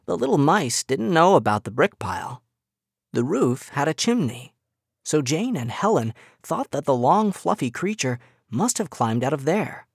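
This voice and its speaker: A woman reads a children's story aloud in a low, slightly husky voice. Her delivery is gentle and expressive, with a lively, rising and falling melody. The sound is dry and close. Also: normal speed, no room sound. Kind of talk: bedtime story narration.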